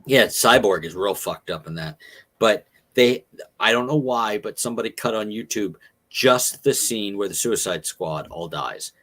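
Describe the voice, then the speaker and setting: Male podcast co-host, slightly low pitch, profane and animated in retelling, halting on names. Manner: profane, enthusiastic storyteller, halting recall. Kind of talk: casual chat.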